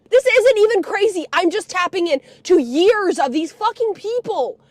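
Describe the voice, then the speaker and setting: A woman telling a story on a live stream in a profane, angry rant that often breaks into shouting. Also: very high-pitched, animated, normal speed, hardly any pauses, dry recording. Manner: foul-mouthed, angry, swings into shouting.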